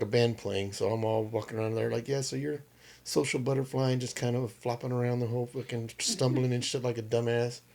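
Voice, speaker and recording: A man on a podcast, telling a drinking story in casual, profane, animated chat. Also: medium pitch, vocal fry. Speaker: podcast co-host.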